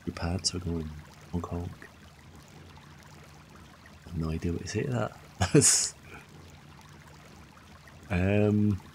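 A man with a very deep voice chats and jokes with his viewers while playing a strategy game. His casual commentary comes over a steady noisy background. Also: vocal fry. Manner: joking and chatty, addressing chat. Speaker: streamer.

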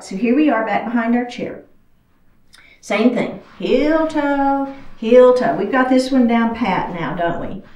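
A woman's voice: fairly high pitch, a little mellow. A woman teaching a chair yoga class, chatty and encouraging, a little out of breath as she moves through the poses. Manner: encouraging, chatty, talks while moving. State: slightly out of breath. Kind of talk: guided exercise class instruction. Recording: echoey room, far from the mic.

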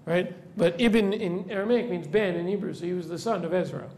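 A man's voice: sits high, fairly quick, darkish tone, a little hiss or hum. A man, a rabbi, teaching a classroom of students, explaining step by step, quizzing the class and checking in with "right?" after nearly every point. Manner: asks the class questions. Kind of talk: classroom lecture.

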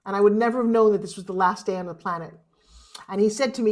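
A woman's voice: mid-range voice, fast. A woman giving a motivational keynote, speaking with emphasis and rousing the audience. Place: online summit.

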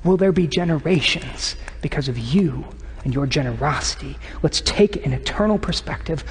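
A man preaching a sermon as pastor, earnest and conversational, at times dropping to a hushed voice. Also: a little high, expressive, normal speed, a little hiss or hum. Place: church sanctuary. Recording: long church reverb.

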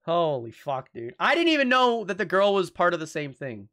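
A young man streaming live gameplay, bursting into excitable, joking reactions peppered with swearing. His voice sits a little high and swings widely in pitch, with a bright, sharp edge. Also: moderate pace, hardly any pauses. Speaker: game streamer.

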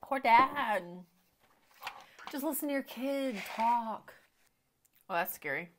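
A woman giving casual, chatty commentary while watching a film, thinking out loud and often dropping to quiet murmurs. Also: on the high side, lively intonation, slow pace, a little hiss or hum. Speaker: reaction video host. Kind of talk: casual movie reaction commentary.

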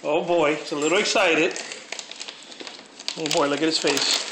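A man filming his puppy at home, playfully teasing it and narrating in a casual, excitable way. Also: on the high side, a little slow, pauses often. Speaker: dog owner filming his pet. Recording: roomy home video with background noise.

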